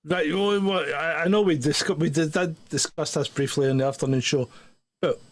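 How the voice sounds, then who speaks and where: A man's voice: fairly high pitch, steady tone, normal speed, dry recording. A man co-hosting a talk show, chatting casually and animatedly, swearing freely and acting out what people say. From Scotland. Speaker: podcast co-host. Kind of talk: casual chat.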